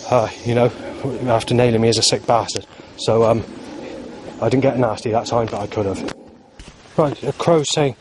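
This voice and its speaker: A man's voice: medium pitch, normal speed, slight background noise. Agitated man rambling in a vlog. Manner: agitated, rambling, many fillers and restarts. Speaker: vlogger. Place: outdoors in the heat.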